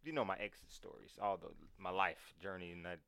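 Male podcast co-host, deep voice and dry sound, quick to agree in easygoing chat. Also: pushed and bright, clean tone, dry recording. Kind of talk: casual chat.

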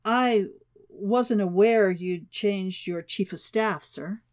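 A guarded, prim male official full of suspicion, as a woman narrator acts him out. His lines come clipped and often slow and deliberate. Audiobook reading. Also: high-pitched, a little mellow. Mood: wary.

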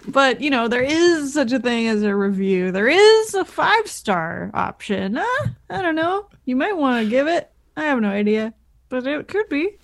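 A woman's voice: sits high, sing-song, a little slow. A young adult woman co-hosting a podcast in casual, jokey chat, swearing lightly and laughing often. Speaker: podcast co-host.

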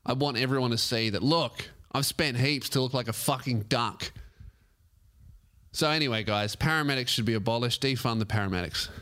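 A man's voice: medium pitch, moderate pace, pushed and bright. A man with an Australian accent, a podcast host telling a comic story as a profane, mock-outraged rant.

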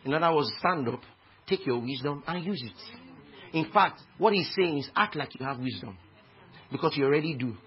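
A Nigerian man preaching a sermon with passion, swinging from hushed tones to shouts. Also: a little high, husky. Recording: dull lo-fi recording with faint noise.

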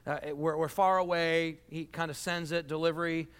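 A man preaching as a pastor, measured as he reads scripture aloud and explains it plainly. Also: a little high, little pitch movement, fairly bright tone, clear, resonant tone. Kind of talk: sermon. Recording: long church hall reverb.

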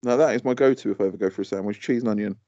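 A man's voice: lowish voice, rapid-fire, mellow, dry recording. A man co-hosting a podcast in casual chat, grumbling good-naturedly about things that irritate him. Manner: chatty, grumbling about pet peeves. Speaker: podcast co-host. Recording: dull lo-fi podcast audio.

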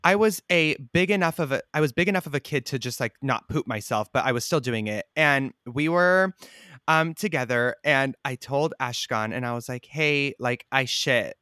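Giggly young man with a bright voice. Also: medium pitch, moderate pace, no room sound, clean studio sound. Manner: giggly, playful, self-mocking storyteller. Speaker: podcast co-host, younger brother. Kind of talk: casual chat.

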